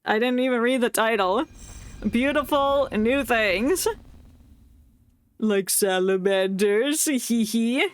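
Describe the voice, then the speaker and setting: A woman's voice: fairly high pitch, takes it slowly. A woman streaming a game, chatting and reacting playfully with frequent giggles. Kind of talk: casual game commentary.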